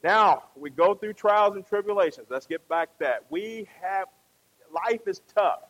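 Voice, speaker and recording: A man's voice: sits high, animated, a little slow, fairly bright tone, muffled recording. A man preaching a conversational sermon, often asking the congregation questions and tagging them with "right?".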